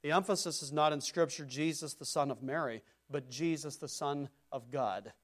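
A man preaching a sermon in an emphatic, repetitive cadence, swinging between loud declarations and quieter passages. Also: on the high side, normal speed.

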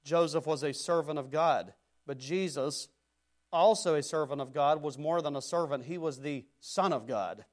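A man preaching a sermon in an emphatic, repetitive cadence, swinging between loud declarations and quieter passages. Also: fairly high pitch, normal speed.

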